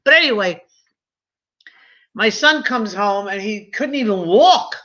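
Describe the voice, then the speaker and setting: A woman in her seventies tells stories in casual chat, slipping into lively quoted voices. Her voice is bright and clear in tone. The recording sounds dull and lo-fi. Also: medium pitch, a little slow. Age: 70s. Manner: chatty storyteller, animated quoted voices.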